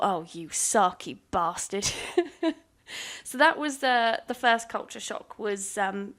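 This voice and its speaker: A young woman with a British accent talks through viewer questions in a loose, candid way, often breaking into laughter. Her voice sits a little on the high side, and she pokes fun at herself between plenty of ums and uhs. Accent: British English. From United Kingdom. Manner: candid, self-deprecating, laughs often, many fillers. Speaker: YouTuber answering viewer questions. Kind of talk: casual Q&A chat.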